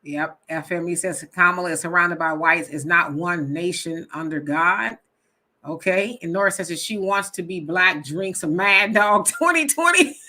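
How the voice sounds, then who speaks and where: Bright-voiced woman hosting a live chat. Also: on the low side, moderate pace. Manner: animated, laughs often, reads comments aloud. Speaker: host reading live chat. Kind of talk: casual live-stream chat.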